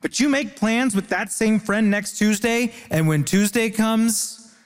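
A man from Ontario doing stand-up comedy and ribbing the panel with wry, deadpan asides. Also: high-pitched, unhurried. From Ontario, Canada. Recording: reverberant live venue, loud crowd. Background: audience laughter.

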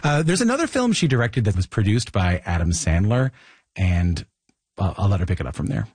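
A man hosting a radio interview, introducing his guest and asking questions in a measured, conversational way. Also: lowish voice, sing-song, darkish tone, husky, no echo. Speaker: radio show host.

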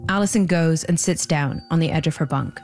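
Brief: woman host, low voice, measured scripted narration, faint music bed. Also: darkish tone. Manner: measured, deliberate delivery.

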